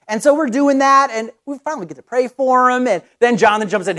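Lively middle-aged male preacher storytelling. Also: sits high. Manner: lively, conversational, animated storytelling with quick restarts. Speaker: pastor. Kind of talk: sermon with personal storytelling.

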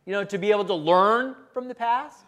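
A man's voice: high-pitched, brisk, a bit bright. A middle-aged man preaching a sermon as the pastor, speaking conversationally and asking the congregation questions.

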